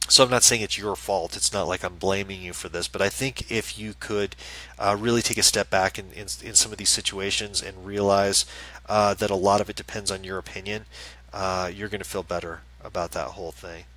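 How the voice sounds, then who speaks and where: A man's voice: low-pitched, fairly even intonation, fairly quick, pushed and bright, poor audio. A man hosting a live-stream as a psychic medium, chatting casually and reassuringly, with many fillers and restarts. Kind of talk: casual live-stream chat, reading viewer questions.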